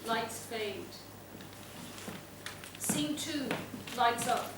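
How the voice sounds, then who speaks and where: A woman's voice: fairly high pitch, extremely slow. Woman, plain stage-direction reading, far-off echoey hall. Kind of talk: stage directions read aloud. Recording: echoey hall, distant mic, loud noise.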